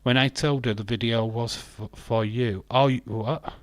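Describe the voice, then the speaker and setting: A man's voice: mid-range voice, steady tone, unhurried, dry recording. A man with an English accent, chatting casually as host of a live wrestling watch-along, joking and answering viewer messages. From England. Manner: chatty, jokey, reads viewer chat aloud.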